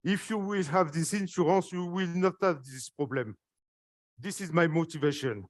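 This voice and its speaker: French-accented man, fairly high voice, halting emotional stage pitch, very dry sound. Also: no room sound. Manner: halting, earnest, emotional, with frequent fillers. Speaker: guest speaker presenting a project. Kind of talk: live stage speech.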